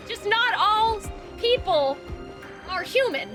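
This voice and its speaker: A young woman streaming a video game, who rambles excitedly, screams a lot, and peppers her talk with like and bestie. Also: very high-pitched, takes it slowly. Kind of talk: casual live gameplay commentary. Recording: home streaming mic with game music playing.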